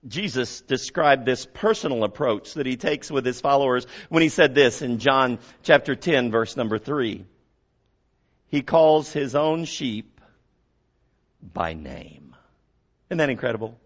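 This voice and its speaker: A man preaching a sermon as pastor, dropping to quiet passages and rising to loud emphasis while he asks the congregation questions. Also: mid-range voice, animated, measured pace, highs cut off.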